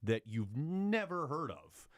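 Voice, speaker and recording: A man, a former news radio reporter, recounting events in a relaxed, reflective interview chat. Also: a little high, slow. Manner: reflective storytelling, lively when retelling scenes.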